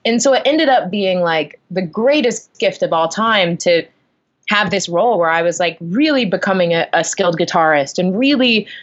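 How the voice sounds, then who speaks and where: A young woman telling a story in a casual interview at home, animated, acting out her own reactions. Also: fairly low pitch, moderate pace, muffled recording. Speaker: guest. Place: at home, on the floor. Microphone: video call.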